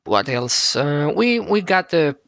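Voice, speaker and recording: A man from Greece with a Greek accent hosting a podcast, speaking haltingly with many fillers. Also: a little high, sing-song, vocal fry, a bit bright, slight background noise. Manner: halting, frequent "uh" and "um", laughs often. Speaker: podcast host. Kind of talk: casual podcast chat.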